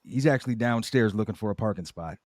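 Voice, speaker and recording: A man's voice: lowish voice, fast, darkish tone, no echo. Laid-back man with dry asides. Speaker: podcast co-host. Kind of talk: casual recap chat.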